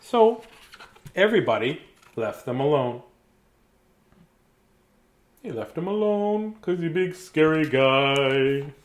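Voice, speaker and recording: A man reads a bedtime picture book aloud on a live stream, breaking off between lines for chatty, chuckling asides. His voice is fairly high and expressive. He reads at a slow pace with long pauses.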